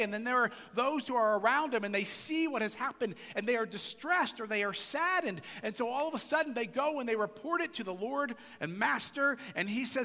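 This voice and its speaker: A pastor delivers a conversational sermon, often tossing rhetorical questions to his listeners. This man's voice sits high and moves animatedly through a wide pitch range, and the sound trails off into the long reverb of a large hall. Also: lively intonation, normal speed, pushed and bright. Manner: conversational preaching with frequent rhetorical "right?".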